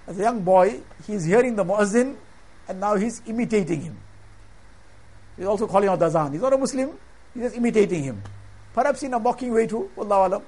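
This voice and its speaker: A man giving a sermon, telling a religious story in an earnest, measured way and weaving in Arabic religious phrases. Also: sits high, a little mellow. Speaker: preacher.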